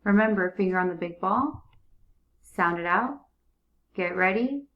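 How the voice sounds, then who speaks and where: Slow, patient reading teacher, woman. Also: medium pitch, lively intonation, lo-fi sound. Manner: slow, clear prompting with repeated cues. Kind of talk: early reading lesson for young students.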